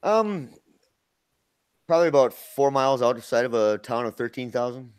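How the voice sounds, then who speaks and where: A man's voice: mid-range voice, expressive, normal speed, a little mellow, clean tone, no room sound. A man, chatting casually as a guest and laughing often. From Minnesota. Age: 50s. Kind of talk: casual live-stream chat.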